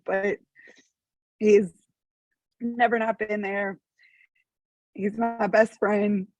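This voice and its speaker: A woman's voice: mid-range voice, flat delivery, takes it slowly, long pauses, a little mellow, no echo. A woman giving an emotional personal statement at a parole hearing over a remote phone call, earnest and at times tearful. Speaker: supporter speaking at a parole hearing.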